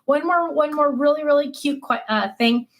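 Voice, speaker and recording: An older woman chats to viewers on her crafting livestream. Her voice sits a little high, and she tells family stories in a lively, animated way. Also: moderate pace. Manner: chatty, animated storytelling with laughs. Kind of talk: casual chat to viewers.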